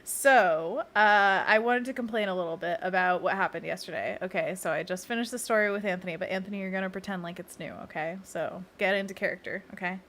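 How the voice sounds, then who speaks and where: A woman's voice: medium pitch, fast talker, few pauses, fairly bright tone, slight background noise. Bubbly young woman streamer. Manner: bubbly, chatty, laughs often. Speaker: streamer and children's book illustrator. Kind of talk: casual live-stream chat.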